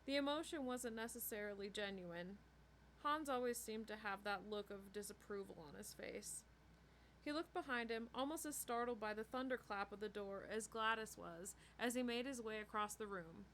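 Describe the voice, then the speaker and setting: A woman reading a novel chapter aloud in a steady storytelling way. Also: medium pitch, moderate pace, slight background noise. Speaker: book reader.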